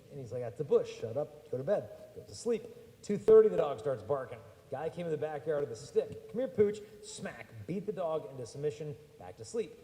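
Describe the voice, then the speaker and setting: A man giving a lively, humorous talk to young people in a church, telling stories with chatty, slangy asides. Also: fairly high pitch. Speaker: speaker addressing young people. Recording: echoey church hall.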